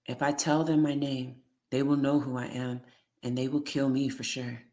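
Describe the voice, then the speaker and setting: An audiobook reader reading a first-person memoir in a steady, measured way. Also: medium pitch.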